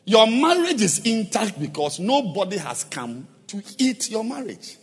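A man preaching a sermon as a pastor, moving from quiet asides to shouted, sung-out exhortation. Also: sits high, sing-song, unhurried, breathy edge. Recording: hall reverb with faint music.

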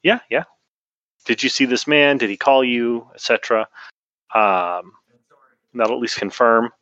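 A man playing a tabletop game speaks in a measured, careful way, pausing on frequent fillers. The sound is dry and a little dull. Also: mid-range voice, a bit bright, no room sound. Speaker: player. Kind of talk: tabletop game play and in-character talk.

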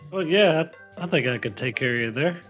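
A woman's voice: deep voice, expressive, fairly quick, fairly bright tone, faint music behind. A woman playing a bard in a tabletop game, describing her character's actions in an easygoing way. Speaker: player. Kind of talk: tabletop role-play.

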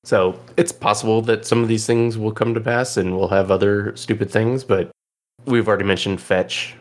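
Male podcast host, very low voice, meandering casual chat. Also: fairly even intonation, normal speed. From Illinois. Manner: rambling, filler-heavy.

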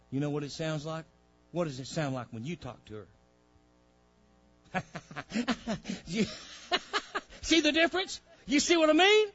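A man preaches to his congregation in a high, bright voice. He swings from loud declarations to hushed, folksy storytelling. The recording is dull and lo-fi, with faint music in the background. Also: sing-song, normal speed. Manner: preaching with sudden drops to quiet storytelling. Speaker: pastor. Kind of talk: sermon. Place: church sanctuary.

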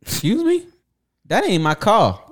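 Animated man, incredulous banter. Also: high-pitched, unhurried, slight background noise. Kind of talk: casual group chat.

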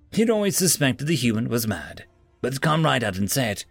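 A man narrating science fiction and fantasy stories in an expressive reading. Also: medium pitch, a little fast, vocal fry, no echo, soft background music. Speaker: story narrator. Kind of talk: scripted story narration.

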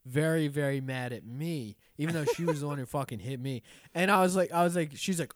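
A man's voice: fairly high pitch, quick pace, few pauses. A man in casual, profane group chat, telling a story with lots of swearing and acting out the lines of the people in it. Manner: animated storytelling, acts out quoted lines, frequent swearing.

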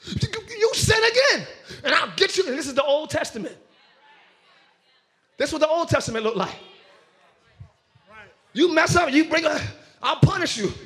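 A man with a very high, bright voice preaches to a church congregation. He shouts and half-sings his points, then acts out arguments in quick voices. His tone is forceful and ringing. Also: lively intonation. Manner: preaching with shouts and sung rises. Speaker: pastor. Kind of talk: sermon. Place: church before a live congregation.

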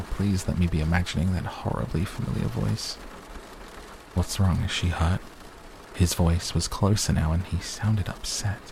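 This is audiobook narration: a man reads a novel slowly and deliberately in a very low, gravelly voice. A steady hum runs beneath the recording.

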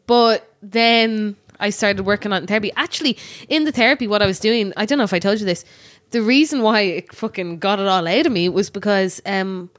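Candid Irish woman telling a story. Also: medium pitch. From Ireland. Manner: candid, storytelling, swears casually. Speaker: podcast co-host. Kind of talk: casual chat.

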